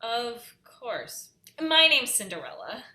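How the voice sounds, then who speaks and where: A young actress plays a sassy, dramatic Cinderella in a stage comedy. Her bright, high voice leaps about as she talks, and the room adds a clear echo. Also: big pitch swings, slow, heavily acted. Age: young adult.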